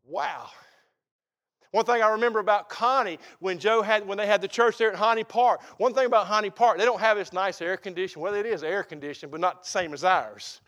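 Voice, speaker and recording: A man's voice: high-pitched, a little fast, fairly bright tone. A middle-aged man preaching a sermon as pastor, folksy and emphatic.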